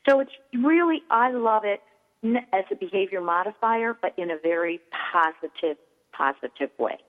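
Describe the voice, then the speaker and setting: Middle-aged shop-owner guest, lively explainer, heard over a tinny line. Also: female voice, mid-range voice, moderate pace. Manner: animated, explains with acted-out examples. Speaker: toy store owner, guest. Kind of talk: radio interview. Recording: tinny phone line with long reverb.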